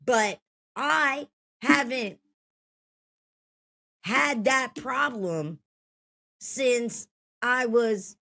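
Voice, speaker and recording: A woman's voice: fairly high pitch, very slow, vocal fry, long pauses, bright, forceful tone. A woman in her thirties telling a story from her own life in a blunt, heated, profane way. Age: 30s.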